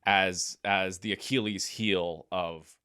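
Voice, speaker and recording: A man co-hosting a casual film discussion podcast, jokey and quick with asides. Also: deep voice, fairly even intonation, bright, forceful tone, clean tone. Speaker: podcast co-host.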